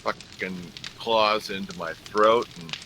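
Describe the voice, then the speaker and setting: A man's voice: fairly low pitch, slow, noisy background. A man in a casual chat, talking bluntly and wryly about his own luck, with a lot of swearing. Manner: blunt, swears freely, wry about himself.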